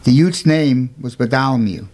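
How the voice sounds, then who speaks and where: With a darkish tone and a normal speed, a man narrates the story of a saint casually but earnestly. He asks emphatic rhetorical questions and raises his voice's pitch for quoted speech.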